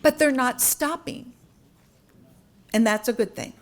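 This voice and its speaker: An older woman addresses a club meeting in an earnest, candid, conversational way. Her voice sits a little high. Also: unhurried. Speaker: guest speaker, party official. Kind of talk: talk to a club with audience questions.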